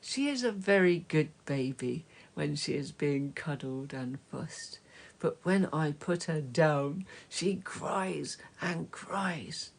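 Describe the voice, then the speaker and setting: A woman reading a children's story aloud, slow and gentle, dropping to soft whispers at times. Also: low-pitched, animated, gravelly. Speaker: storybook reader.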